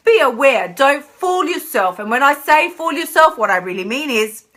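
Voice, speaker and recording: A woman's voice: high-pitched, sing-song, moderate pace, sharp tone. A middle-aged woman, a weight-loss coach hosting a live stream, talking in a playful, emphatic way and repeating phrases for effect. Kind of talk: live-stream motivational talk.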